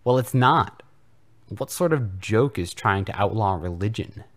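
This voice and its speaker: A man's voice: on the low side, animated, a little slow. A man voicing a self-righteous, preachy old male headmaster in a comedic fanfiction reading. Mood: stern.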